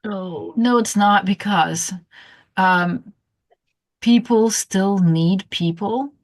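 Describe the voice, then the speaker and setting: A woman's voice: medium pitch, extremely slow, no room sound. A woman who works at a school, insisting firmly in casual discussion. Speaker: school staff. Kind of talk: casual chat.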